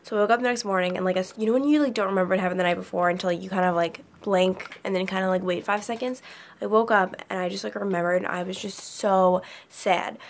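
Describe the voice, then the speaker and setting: A woman's voice: medium pitch, fairly even intonation, quick pace, slight background noise. A young adult woman vlogging from her dorm bedroom, telling a story in a chatty, rambling way full of "like". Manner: chatty, rambling, heavy use of "like". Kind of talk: casual storytime chat.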